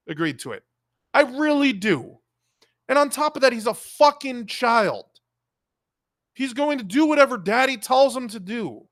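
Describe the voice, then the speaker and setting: Male live streamer, higher register, dry close sound; heated, foul-mouthed, lecturing tone. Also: fairly bright tone, no echo. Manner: heated, profane, scolding the audience. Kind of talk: angry live-stream commentary rant.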